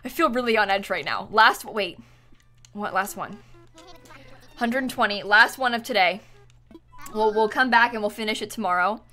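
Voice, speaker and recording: A woman live-streaming a video game, chatting with viewers in an excitable, dramatic, giggly way. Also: medium pitch, moderate pace, pauses often, soft background music. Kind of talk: live-stream chat while gaming.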